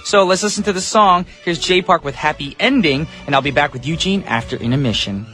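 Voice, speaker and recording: A man's voice: on the high side, animated, fairly quick, sharp tone, faint music behind. A man hosting a radio show as DJ, talking in a casual, upbeat, chatty way with loose fillers, from a studio microphone.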